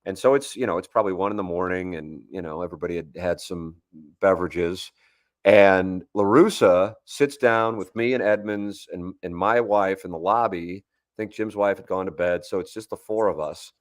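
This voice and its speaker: A man's voice: sits low, normal speed, no echo, studio quality. A man in his forties, a sports radio guest, telling long rambling anecdotes with frequent restarts in a casual sports talk show.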